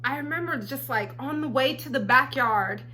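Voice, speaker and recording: A woman telling a personal story on her vlog in a blunt, profane, animated way. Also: sits high, moderate pace. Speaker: storytelling vlogger. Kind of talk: casual storytime.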